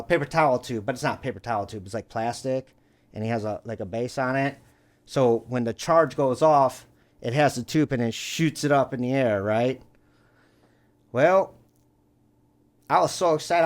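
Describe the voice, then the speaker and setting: A man hosting a podcast, telling a story casually and rambling, full of "you know" and swearing. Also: medium pitch. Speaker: podcast host.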